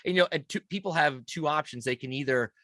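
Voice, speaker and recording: A man hosting an interview podcast, with a somewhat high-pitched voice for a man. He asks long, winding questions and often stumbles into restarts. The recording is dry, with no room echo. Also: fast, a bit bright. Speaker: podcast host. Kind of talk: casual interview conversation.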